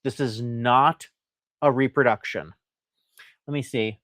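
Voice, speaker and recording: Hosting a live stream that sells antiques, a man talks in a chatty, enthusiastic way during a live sales presentation. He reads out viewer comments in a loose, rambling manner with frequent fillers. His medium-pitched voice is steady, slow and fairly bright, recorded in clean studio sound with no echo.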